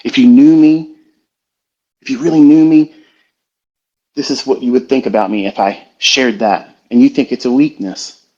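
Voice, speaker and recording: A middle-aged man giving a reflective, confessional motivational talk as a trading educator in a live audio room, slow and halting. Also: medium pitch, mellow. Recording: slightly muffled online audio stream.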